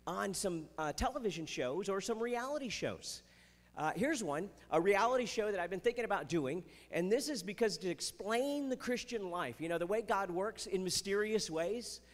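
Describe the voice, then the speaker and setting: On a festival stage before a live audience, a man with a high-pitched voice does chatty Christian stand-up, full of playful jokes and asides. The sound carries the feel of a big room.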